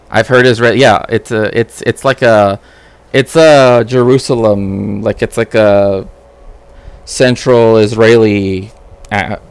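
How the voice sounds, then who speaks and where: A man's voice: on the low side, smooth. A man streaming casual commentary as a cultural historian, rambling with frequent "right?" tags and restarts.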